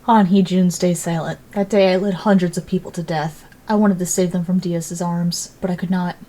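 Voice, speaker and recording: A woman narrating a story in the first person with an even, deliberate reading. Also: lowish voice.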